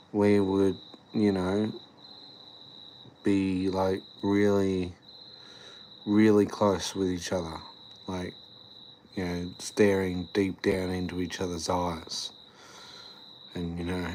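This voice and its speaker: A tired young man, worn out after the gym, chats casually on a live stream, rambling with lots of fillers as he reads and answers chat. His voice is deep and darkish. There's slight background noise.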